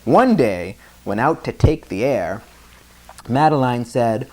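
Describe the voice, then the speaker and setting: A man reads a bedtime story aloud, pausing chattily to explain words and retell parts. His pitch rises and falls in a lively way, and he goes a little slowly.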